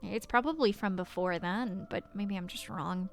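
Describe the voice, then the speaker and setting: A young woman streaming a game, talking casually and hesitantly, breaking off and dropping into soft whispers. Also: medium pitch, moderate pace, faint music behind. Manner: hesitant, self-interrupting, with soft whispered asides. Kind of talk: casual gameplay commentary.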